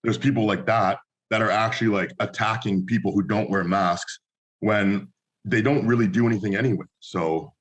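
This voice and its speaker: A man's voice: lowish voice, fairly even intonation, normal speed, poor audio. A young man co-hosting a podcast, telling stories and giving blunt opinions in casual chat. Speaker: podcast co-host.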